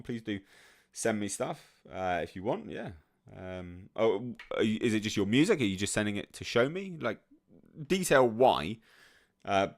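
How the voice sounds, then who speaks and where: A British man chatting casually on a live stream, reading out chat messages, relaxed and full of swearing and ums. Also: on the low side. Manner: laid-back, swears freely, many ums and restarts.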